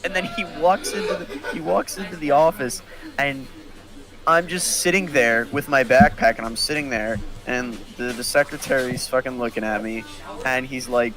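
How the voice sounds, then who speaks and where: A young man, a podcast co-host, telling a story in casual chat and acting out the quotes with big jumps in pitch. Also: fairly quick, rough recording.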